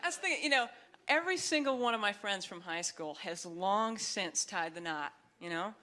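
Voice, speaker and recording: A young woman doing a stand-up comedy set, talking in a wry, chatty way and breaking into high, shrill voices for the people she acts out. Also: animated, moderate pace, bright, forceful tone, a little hiss or hum. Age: young adult. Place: comedy stage before a live audience. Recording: live club set with audience laughter.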